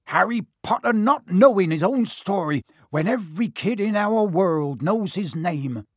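A man voicing a huge, gruff, warm-hearted giant of a man with a rustic dialect, reading from a storybook. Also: sits high, animated, unhurried, no room sound, studio quality. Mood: indignant.

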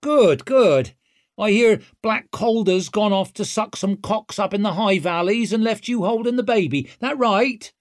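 A man's voice: sits high, lively intonation, measured pace, no room sound, clean studio sound, pitched above the performer's own voice. A man voicing a brash, sly young woman leader who talks with cheeky mock-innocence. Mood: cocky.

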